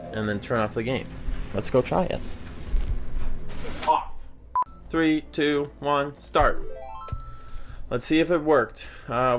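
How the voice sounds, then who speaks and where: A young man hosting a gaming video, talking over his play in a dry, rambling way with offhand jokes. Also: medium pitch. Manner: dry, rambling, jokey asides. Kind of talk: deadpan gameplay commentary.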